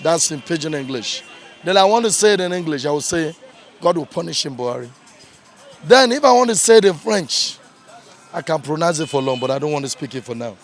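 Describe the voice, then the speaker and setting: A man's voice: on the high side, expressive, a little fast, faint music behind. A man with a Nigerian accent giving angry street commentary, heated and repetitive for emphasis. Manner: heated, ranting, repeats points for emphasis. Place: outdoors in a busy urban street.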